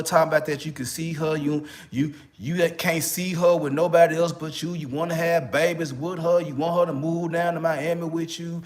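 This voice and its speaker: A man with a Memphis accent talks straight to his viewers in casual, slang-heavy commentary. He is still getting over a cold, and he keeps leaning on the same filler phrases as he talks. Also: on the high side. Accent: Memphis, Tennessee. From Memphis, Tennessee. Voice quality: slangy, repeats "you know what I'm saying". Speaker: online relationship coach.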